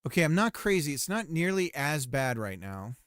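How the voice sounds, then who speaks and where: Male dev streamer, lively playful delivery, thinks aloud, dry close sound. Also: on the high side, normal speed, dry recording. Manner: playful, muttering and repeating phrases to himself. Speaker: game developer streaming.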